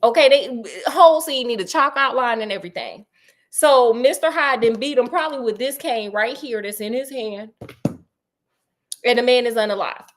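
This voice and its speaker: A woman retelling a classic story in a casual, comic way, animated and slangy, talking right to her audience. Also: on the high side, normal speed.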